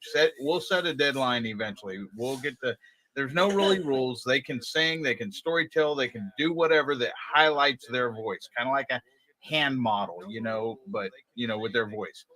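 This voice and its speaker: A man's voice: mid-range voice, moderate pace, sharp tone, rough recording. A man hosting a casual live-stream chat, explaining plans in a rambling way and repeating phrases. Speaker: show host.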